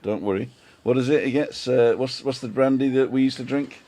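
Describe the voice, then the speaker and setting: A man's voice: medium pitch, a little fast, dark tone. A man hosting a casual live-stream chat, jokey and chatty, reading out viewer comments. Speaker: host.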